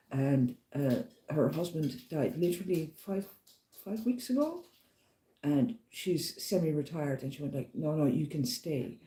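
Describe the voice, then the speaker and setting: A woman's voice: low voice, dark tone, echoey room. A woman on a walking pilgrim's journey with her harp, telling her story in a chatty, rambling, enthusiastic vlog.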